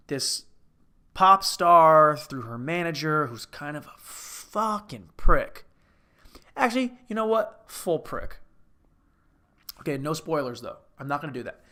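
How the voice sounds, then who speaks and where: A man's voice: fairly high pitch, bright, forceful tone. A man hosting a comedic movie review, rambling, interrupting himself and swearing casually. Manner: rambling and self-interrupting, profane. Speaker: host.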